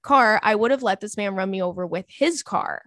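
A woman's voice: medium pitch, moderate pace, no room sound. Chatty, playful woman podcast host. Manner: animated, playful, chatty slang. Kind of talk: reading and reacting to listener email.

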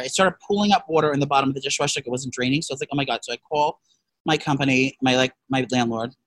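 A casual, profane storyteller who rambles with many restarts and shouted quotes. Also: male voice, medium pitch, no echo. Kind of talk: casual chat.

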